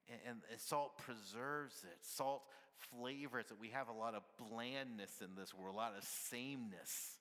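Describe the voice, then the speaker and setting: A man's voice: medium pitch, pushed and bright, long reverb tail. A man preaching a sermon at church, conversational and playful, often asking the congregation "right?" with little laughs. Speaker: pastor.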